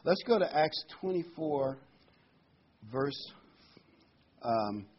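A man's voice: fairly high pitch, expressive, drawn-out words, breathy edge, highs cut off. A man preaching a Bible sermon in a conversational, emphatic way, his voice rising sharply on key words.

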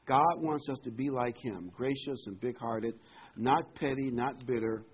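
Husky man preaching a casual sermon. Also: mid-range voice, expressive, measured pace, highs cut off.

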